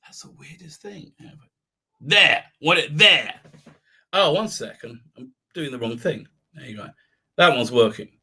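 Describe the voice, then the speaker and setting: A man hosting a home live stream, his voice bright and ringing, and his pitch swings all over the place. He rambles with many fillers and restarts as he chats with viewers and reads out their comments. His desk mic level keeps jumping up and down. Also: expressive, unhurried, slightly rough. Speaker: livestream host. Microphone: desk mic with unsteady level.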